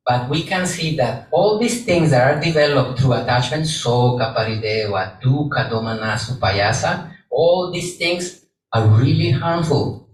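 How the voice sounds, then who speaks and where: Slow gentle monk in echoey hall. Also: male voice, medium pitch. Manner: slow, gentle, repeats phrases for emphasis. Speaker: Buddhist monk giving a Dharma talk. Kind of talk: sermon to a live audience. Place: large echoey hall with audience. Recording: roomy hall, distant mic, faint background hum.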